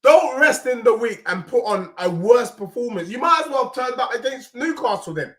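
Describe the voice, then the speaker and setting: Hoarse young man, high and sharp-toned, shouting football rants. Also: expressive, moderate pace. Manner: ranting, often shouting. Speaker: fan channel host. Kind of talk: ranting football reaction.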